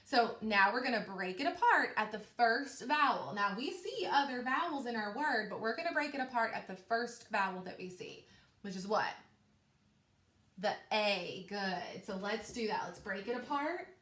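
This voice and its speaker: A woman teacher giving a patient, encouraging phonics lesson to young children, speaking clearly and slowly. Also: a little high, lively intonation, fairly bright tone. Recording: echoey room.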